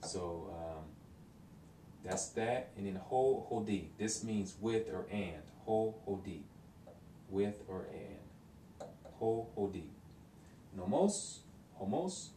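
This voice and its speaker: Low, mellow man in a roomy space. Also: takes it slowly, pauses often, slight background noise. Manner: hesitant, thinking aloud with many ums. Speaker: language learner explaining vocabulary. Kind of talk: casual self-recorded lesson. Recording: roomy, distant mic with faint ambience.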